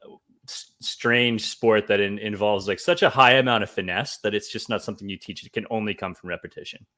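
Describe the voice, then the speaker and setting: Low-voiced man, wry podcast co-host. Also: a little fast, sharp tone. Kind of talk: casual chat.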